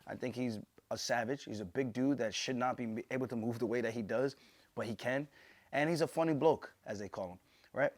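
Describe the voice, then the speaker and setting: A man's voice: mid-range voice, fairly quick, dry recording. A man, a pro fighter hosting his own show, giving emphatic, opinionated casual commentary to camera and swearing casually.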